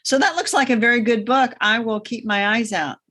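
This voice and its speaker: A woman's voice: on the high side, brisk, pushed and bright. Wry woman telling a rambling story. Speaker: gardening podcast co-host. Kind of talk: casual chat.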